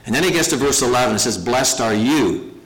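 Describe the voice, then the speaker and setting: A pastor preaching a sermon, earnest and emphatic, slowing down to stress key phrases. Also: male voice, medium pitch, animated, fairly bright tone, poor audio.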